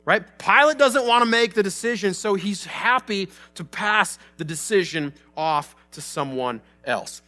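A man's voice: high voice, expressive, normal speed, hardly any pauses, sharp tone, soft background music. A man in his thirties preaching a sermon in a church, retelling the story casually and animatedly with many restarts. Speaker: pastor.

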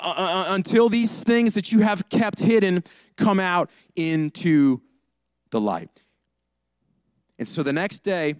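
Young male pastor, casual sermon, animated storyteller, slightly high, smooth and dry. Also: no echo. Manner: animated storytelling, acts out dialogue, slangy.

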